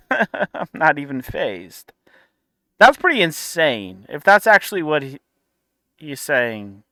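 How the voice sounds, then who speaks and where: A man's voice: fairly high pitch, very animated, takes it slowly, pushed and bright, dry recording, clean studio sound. A man making a casual reaction commentary, sarcastic and incredulous, with laughing asides.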